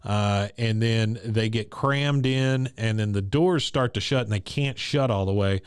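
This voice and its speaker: A man's voice: on the low side, a little slow, smooth, no room sound, studio quality. A man co-hosting a podcast, casually retelling a cartoon episode scene by scene. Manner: retells scenes, quoting characters' lines. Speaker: podcast co-host recapping an episode. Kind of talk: casual episode recap chat.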